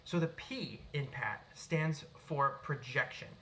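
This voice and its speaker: Young Boston guy, mostly neutral accent, bright projected voice, unscripted phone video at home. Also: medium pitch, takes it slowly, slight background noise. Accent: neutral American, Boston traces. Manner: projected, animated delivery. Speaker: self-help speaker. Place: his apartment. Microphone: cell phone, no microphone.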